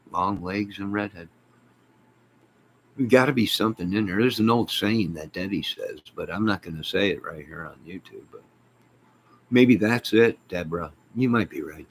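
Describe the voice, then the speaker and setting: A man's voice: fairly low pitch, vocal fry, a little hiss or hum. A middle-aged man rambling and talking back to his viewers' comments, exasperated, in a casual live chat from home. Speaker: YouTube live host.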